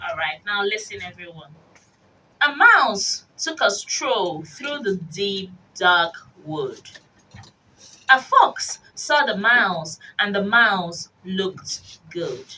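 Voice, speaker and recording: A woman hosting a children's radio show, reading stories aloud in an expressive, slow, animated way. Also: mid-range voice. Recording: distant mic with faint hiss.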